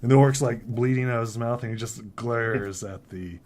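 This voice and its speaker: A man's voice: mid-range voice, normal speed, darkish tone. Casual male game master narrating. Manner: casual, filler-heavy narration with many "uh" and "like".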